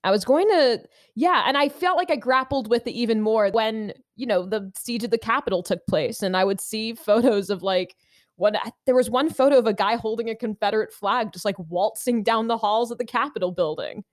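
Higher-voiced American woman hosting. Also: fairly quick, no echo, clean studio sound. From United States. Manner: thoughtful, many fillers. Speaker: host. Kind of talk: casual discussion.

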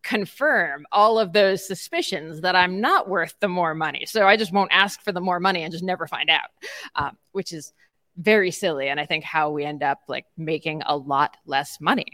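Chatty woman host, low dry voice. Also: moderate pace, pushed and bright, dry recording. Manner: conversational, frequent fillers, self-deprecating. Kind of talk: casual interview chat.

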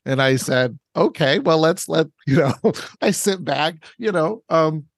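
A man who used to be a school principal tells an anecdote with animated bursts, his voice leaping upward to stress a point. His voice is a bit high for a man, recorded close and dry. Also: a little slow, vocal fry, dry recording. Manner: animated, rises sharply in pitch for emphasis. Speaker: podcast co-host, former school principal. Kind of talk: anecdote in casual chat.

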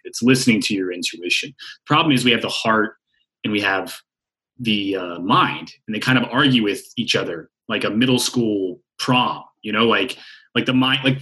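A man speaking as a podcast guest, animated and playful, with casual swearing. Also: fairly low pitch. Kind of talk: conversational interview.

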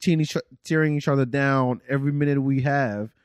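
A man's voice: medium pitch, fairly quick, clean tone, no room sound, studio quality. A man from France hosting a podcast, chatting casually with laid-back, teasing banter. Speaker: podcast host.

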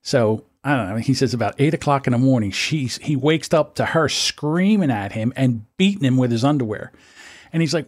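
A man, co-host of a podcast, telling stories in an animated, profane, casual way. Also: medium pitch, a little fast. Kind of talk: casual chat.

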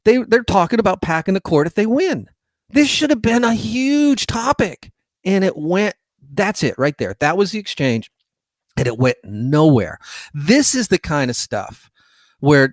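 A man's voice: high-pitched, very animated, a little slow, dry recording, studio quality. A male podcast host giving frustrated, rambling political commentary.

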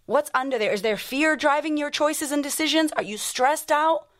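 High-voiced, blunt, profane woman coach. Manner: rapid-fire rhetorical questions. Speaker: life coach and podcast host. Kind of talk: motivational podcast monologue.

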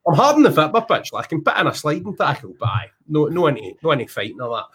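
Scottish man in his thirties, husky podcast host, loose jokey storyteller. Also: a little high, sing-song, fast talker, fairly bright tone. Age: 30s. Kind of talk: casual podcast chat.

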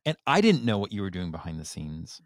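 Man, podcast host, effusive, upbeat, lowish voice, dry close sound. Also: very animated, a little fast, no room sound. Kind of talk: podcast interview.

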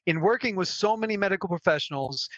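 A man's voice: high voice, animated, fast talker, fairly bright tone, dry recording, lo-fi sound. A man speaking as a health strategist guest on a podcast, emphatic and persuasive. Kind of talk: podcast interview talk.

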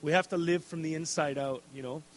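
A man's voice: fairly high pitch, fairly even intonation, fairly quick, slight background noise. A man preaching a casual, conversational sermon, checking in with "okay?" and adding jokey asides. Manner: conversational, tags lines with "okay?" and "right?".

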